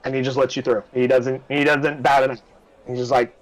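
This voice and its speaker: A man's voice: medium pitch, flat delivery, brisk, rough recording. A man narrating a tabletop game as game master, casual and rambling with many fillers.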